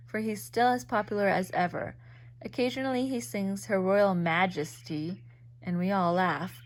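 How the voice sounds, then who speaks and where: A woman reads a vintage magazine story aloud in a calm, even storytelling voice. Her pitch sits in the middle range, neither high nor low. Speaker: reader.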